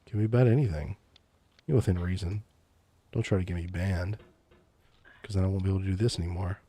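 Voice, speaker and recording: A man streaming a game as a VTuber, talking in a soft, teasing, mock-menacing calm tone in a whispered role-play, close to the mic. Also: low voice, fast.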